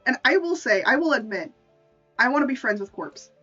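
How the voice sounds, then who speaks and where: This female streamer has a high, sharp voice with lively intonation and a slightly fast pace. She chats casually, rambling and stammering as she restarts, with frequent laughter. It's recorded on a distant mic, sounding dull and lo-fi, with faint background music.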